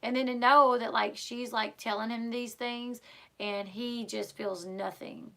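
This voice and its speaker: A woman's voice: on the high side, fairly even intonation, unhurried, gravelly, fairly bright tone. A woman vlogger telling a personal story in a casual, rambling way, full of fillers. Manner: rambling, filler-heavy, lots of "like" and "um"; emotional, retelling a scare.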